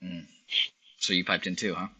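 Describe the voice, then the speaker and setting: A man narrating as game master of a tabletop game, halting with many restarts. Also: low-pitched, little pitch movement, pushed and bright, slightly rough, rough recording.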